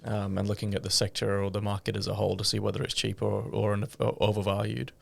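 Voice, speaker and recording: Male co-host, low gravelly voice, flat and measured delivery. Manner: measured explaining, brief agreeing murmurs. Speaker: podcast co-host. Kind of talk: casual investing chat.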